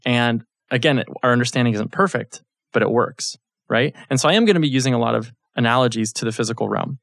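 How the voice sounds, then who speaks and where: A man's voice: mid-range voice, fast, gravelly, fairly bright tone, no echo, studio quality. A man in his thirties giving a casual Bible teaching, telling a family story and often checking in with his listeners. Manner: conversational, storytelling, frequent check-ins with listeners.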